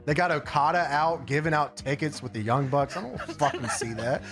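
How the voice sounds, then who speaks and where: A man's voice: a little high, expressive, moderate pace, over music. A man co-hosting a livestream, talking sarcastically and swearing a lot. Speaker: co-host. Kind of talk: casual profane chat.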